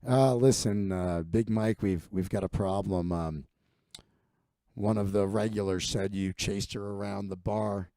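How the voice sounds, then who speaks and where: Man voicing tired middle-aged bar owner, low gravelly mumbler, hesitant. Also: fairly even intonation, unhurried, warm tone, no room sound. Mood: awkward.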